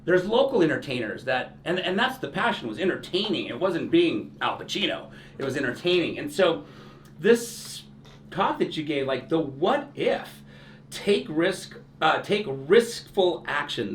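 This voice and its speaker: A man's voice: fairly high pitch, expressive, a little slow, a bit bright. Young male interview host, eager and affirming, recorded from a distance in a roomy space. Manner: enthusiastic, lots of short affirmations. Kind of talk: casual interview. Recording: roomy, distant mic with faint hiss.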